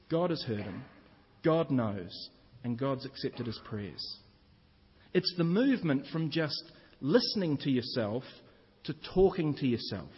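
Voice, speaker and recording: A man's voice: fairly high pitch, slightly rough. A man preaching a sermon as pastor, earnest and explanatory, often asking the congregation questions. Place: church. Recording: reverberant church hall, dull lo-fi sound.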